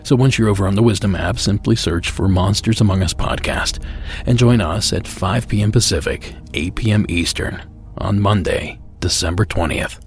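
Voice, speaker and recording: Deep-voiced male podcast host. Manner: measured, announcer-like delivery. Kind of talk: scripted announcements.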